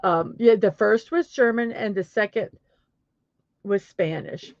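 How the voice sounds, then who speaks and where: This is the host of a daily positivity show, a middle-aged woman with a Southern accent, talking casually solo in a medium pitch and a slightly slow delivery. Stumbling now and then, she laughs at herself and says sorry in a giggly, self-deprecating way. The audio is dry, with the highs cut off.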